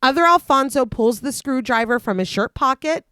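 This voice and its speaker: Woman podcast co-host, animated recap delivery, dry close mic. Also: high-pitched, normal speed, smooth, no room sound. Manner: recaps plot in long lively read-through, laughs often. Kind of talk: casual chat and plot narration.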